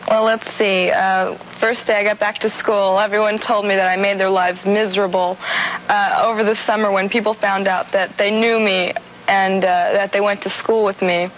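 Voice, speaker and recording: A giggly teenage girl, pausing and hedging as she answers. Her voice sits at an ordinary pitch for a woman. The sound is dull and muffled, with a faint hiss behind it. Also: flat delivery. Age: teens. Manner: giggly, hesitant, filler-heavy. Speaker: guest, singer's daughter. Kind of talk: morning TV interview.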